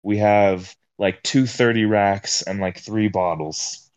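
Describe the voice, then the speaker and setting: A man's voice: on the low side, steady tone, takes it slowly, a little mellow, clean tone, no echo. Young male podcast guest, casual slangy storyteller, dry sound.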